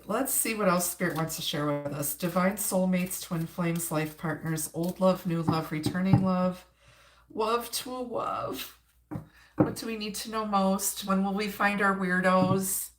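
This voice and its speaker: Her voice is lowish and her pace measured, with a little hiss or hum on the audio and a roomy echo. The woman, a Wisconsin tarot reader with an Upper Midwest accent, hosts a chatty live-stream reading, greeting viewers and laughing as she moves between cards.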